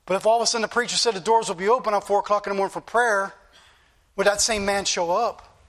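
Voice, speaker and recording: A man's voice: high-pitched, steady tone, fast talker, a bit bright. A middle-aged man preaching a sermon with impassioned emphasis and shifting pace. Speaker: pastor.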